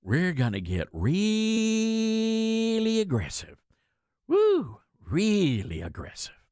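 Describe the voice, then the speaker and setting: A man putting on a mocking impression of a pompous male politician, slow and blustering. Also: high-pitched, huge pitch swings, a little mellow, clean tone, no echo, clean studio sound, pitched above the performer's own voice, full character voice.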